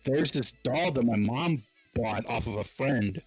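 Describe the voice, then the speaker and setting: A male podcast host tells stories in a loose, rambling way, full of "like" and "uh" and breaking into laughter. His voice sits at an ordinary middle pitch. Faint music plays underneath. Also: animated, unhurried. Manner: rambling storyteller, lots of fillers and laughs. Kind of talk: casual chat.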